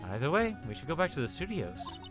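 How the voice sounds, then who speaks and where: A man voicing a calm young woman lawyer mentor in a game, in an everyday voice. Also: fairly high pitch, fast talker, music in the background.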